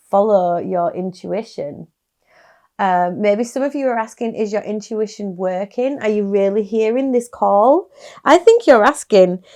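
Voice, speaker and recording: A woman giving a casual, chatty tarot reading to camera, soft-spoken with little sighs. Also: medium pitch. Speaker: tarot card reader.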